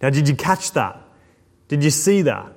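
A man preaching a sermon, swinging between slow, hushed emphasis and quick asides. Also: a little high, very animated, gravelly. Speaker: pastor. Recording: long hall reverb.

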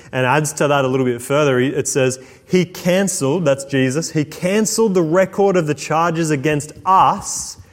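A man preaching a sermon, swinging between slow, hushed emphasis and quick asides. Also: fairly high pitch. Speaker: pastor. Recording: long hall reverb.

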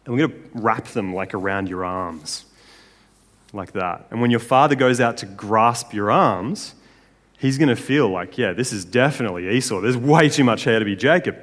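A man voicing a scheming mother who urges her son on, in a conspiratorial tone that turns to urgent shouting. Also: fairly low pitch, moderate pace, voice pushed down. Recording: long hall reverb.

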